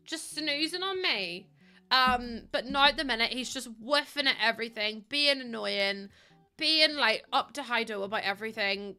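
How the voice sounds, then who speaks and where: A young woman with a slightly high, smooth voice chats casually while live-streaming a building game. She's bubbly and rambling, says "um" a lot, and greets her chat warmly.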